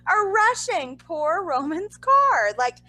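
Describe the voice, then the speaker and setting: A young woman chatting on a podcast as co-host, her voice high and bright. She tells a story with big swings in pitch and throws in exasperated asides. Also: very animated, takes it slowly, dry recording, rough recording. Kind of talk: casual podcast chat.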